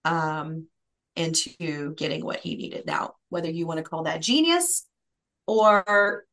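A woman hosting a podcast, telling stories in a relaxed, chatty way with frequent fillers. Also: low-pitched, slow. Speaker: podcast host. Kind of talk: casual podcast storytelling.

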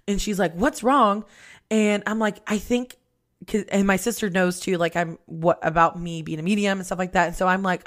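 A young woman hosting a podcast, telling a personal story in a candid, casual chat, swearing freely and laughing often. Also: mid-range voice. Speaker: podcast host.

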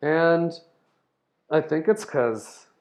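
A man hosting a casual explanatory monologue, rambling through ideas, spelling out words and filling pauses with ums and restarts. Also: medium pitch, lively intonation, darkish tone. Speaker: host explaining topics to listeners.

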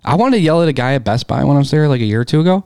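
A man in his thirties chatting casually with friends, telling stories with animated quoting. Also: a little high, rapid-fire, smooth, no echo. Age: 30s. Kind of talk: casual chat.

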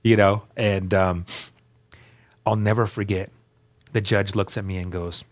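Earnest male guest, lowish voice, candid storytelling with frequent restarts. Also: fairly even intonation, unhurried. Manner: earnest, repeats words as he restarts. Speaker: guest sharing his testimony.

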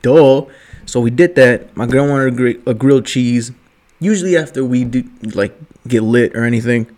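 Young male vlogger, mid-pitched, loose slangy storytelling, swearing freely, a little buzzed. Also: normal speed, darkish tone. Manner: rambling, profane, joking slang with 'yo' and 'bruh'. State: drinking at night. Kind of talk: casual late-night storytelling.

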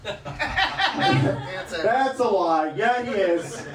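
A man's voice: huge pitch swings, very slow, roomy sound, distant mic, crowd noise, low-quality recording. A man doing a stand-up comedy set, brash and crude in his delivery. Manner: brash, crude, loud swings in pitch.

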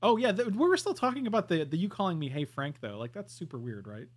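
A man co-hosting a podcast in casual chat, animated and emphatic. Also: sits high, quick pace. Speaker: podcast co-host.

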